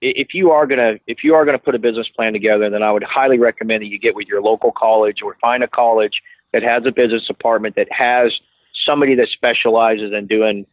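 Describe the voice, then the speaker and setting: A man's voice: on the low side, fairly even intonation, fast talker, no echo. A man telling stories as an interview guest, rambling with many restarts. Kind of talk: casual interview storytelling. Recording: dry tinny phone-like line.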